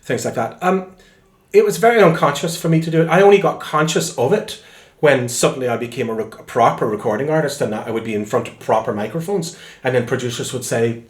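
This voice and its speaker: A singer-songwriter with a Northern Irish accent, telling lively anecdotes in a relaxed interview at home. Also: male voice, medium pitch, fairly quick. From Northern Ireland. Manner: lively storyteller, acts out quoted voices. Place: room in his home. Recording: echoey room.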